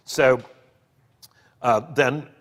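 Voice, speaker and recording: A man reading book passages aloud and explaining them in an earnest, expressive way, with occasional fillers. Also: medium pitch, very slow. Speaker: podcast co-host discussing a book. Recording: long reverb on the voice.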